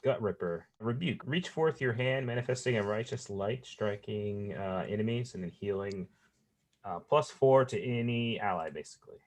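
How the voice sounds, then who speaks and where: A man playing a tabletop game, slowly reading out a healing ability. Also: on the low side. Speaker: player.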